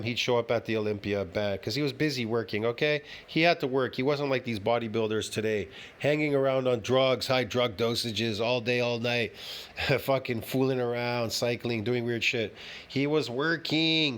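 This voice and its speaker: A man's voice: mid-range voice, a bit bright. A man ranting heatedly and profanely as he reacts to a fitness video, repeating himself and swearing often.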